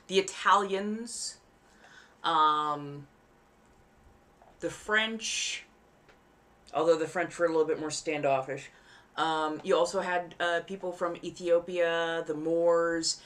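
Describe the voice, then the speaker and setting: A woman's voice: low voice, a bit bright. A woman hosting a live stream in casual chat, rambling easily and enunciating carefully around costume fangs. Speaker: livestream host.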